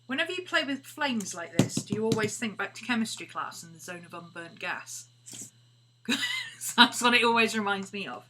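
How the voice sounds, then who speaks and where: A woman's voice: a little high, moderate pace. A woman chatting casually while crafting on a live stream, often dropping to a murmur. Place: home craft studio. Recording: steady background hum.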